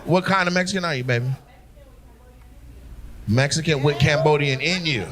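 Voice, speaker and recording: A man's voice: a little high, normal speed. A man doing teasing, profane crowd work as a stand-up comedian on a club stage. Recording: live show with crowd noise. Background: audience laughter.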